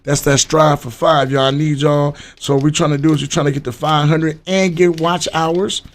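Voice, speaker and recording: A man's voice: a little high, little pitch movement, moderate pace, faint music behind. Chatty livestream host, man. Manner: loose, chatty, talks straight to viewers. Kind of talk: casual live-stream chat.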